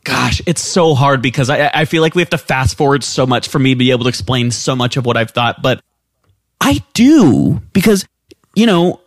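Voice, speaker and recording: A man co-hosting a casual film discussion, animated and quick to act out scenes. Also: mid-range voice, no echo, studio quality. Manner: animated, acts out quotes in raised voices. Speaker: podcast co-host.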